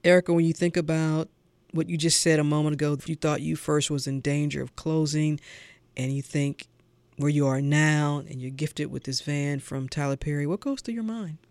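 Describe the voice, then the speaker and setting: A man hosts the interview with a smooth, clear voice. His questions are playful and teasing, and the recording is dry and close. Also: a little high, steady tone, moderate pace, darkish tone, no echo. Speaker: radio show host. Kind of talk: interview hosting.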